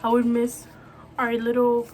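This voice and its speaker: Young woman, higher register, soft halting delivery with lots of fillers; personal vlog to camera, light background hiss. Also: monotone. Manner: soft, halting, full of fillers like "you know". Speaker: vlogger. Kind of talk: emotional personal talk to camera.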